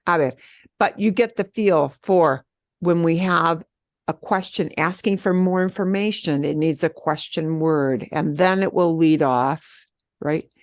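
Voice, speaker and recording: A middle-aged woman teaching a beginner Spanish class, upbeat and encouraging, modeling phrases slowly so students can repeat them. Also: low-pitched, no echo, studio quality. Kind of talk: online beginner language class.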